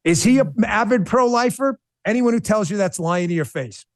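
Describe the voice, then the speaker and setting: A man with a fairly high voice speaks as an interview guest, recorded dry and close. He tells his story with feeling, breaking off and restarting his sentences. He turns blunt and combative when he argues. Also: moderate pace, dry recording. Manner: emotional, animated storytelling with restarts. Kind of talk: podcast interview.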